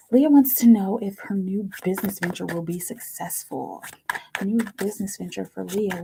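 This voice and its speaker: A woman hosting a live tarot reading stream, talking casually in a slow, halting way, repeating words and murmuring to herself as she shuffles. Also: medium pitch, vocal fry, noisy background.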